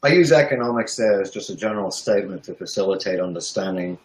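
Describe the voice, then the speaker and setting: A man's voice: fairly low pitch, animated, quick pace. A man talking economics in a heated, sarcastic way, often laughing as he makes his points. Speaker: guest economics commentator. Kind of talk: heated casual chat. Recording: roomy echo.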